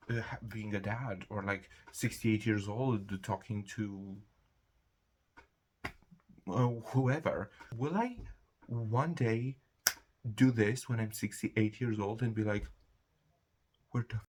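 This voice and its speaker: A young man rambles through a casual solo vlog monologue in a low, gravelly, husky voice. He drifts between asides and quick quoted voices. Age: young adult. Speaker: vlogger.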